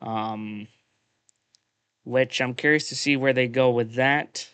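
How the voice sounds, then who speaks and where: A man's voice: medium pitch, steady tone, takes it slowly, fairly bright tone, clean tone, no room sound. A man co-hosting a podcast, recapping wrestling in casual chat, blunt and profane, with lots of "uh" and "um". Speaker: podcast co-host.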